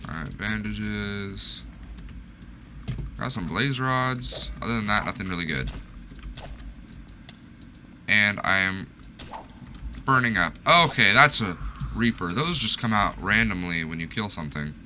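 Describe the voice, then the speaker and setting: A man's voice: on the low side, animated, measured pace, pauses often, sharp tone, slight background noise. Panicky young man narrating his game. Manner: panicky, self-mocking, talks to the game. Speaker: gaming streamer. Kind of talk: live gameplay commentary.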